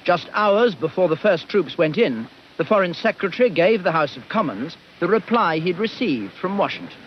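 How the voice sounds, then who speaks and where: A man's voice: high-pitched, very animated, normal speed, a little hiss or hum. A man giving scripted documentary narration. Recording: muffled archive documentary audio.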